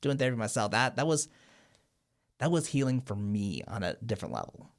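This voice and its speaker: Animated man podcast host. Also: medium pitch, a little fast, gravelly. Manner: animated, enthusiastic storyteller. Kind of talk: casual podcast chat.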